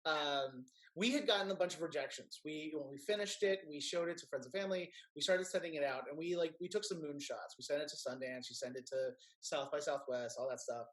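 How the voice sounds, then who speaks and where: A man from Kentucky with a Kentucky accent, a filmmaker guest telling a story in a casual interview, lively and quick to act out what others said. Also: fairly high pitch. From Kentucky, USA. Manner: animated storyteller, acts out quotes in raised voices.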